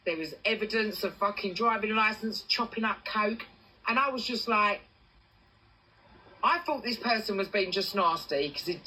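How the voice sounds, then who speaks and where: An English woman on a casual livestream, telling a personal story in animated bursts and swearing freely. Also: medium pitch, breathy edge, low-quality recording. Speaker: TikTok livestreamer.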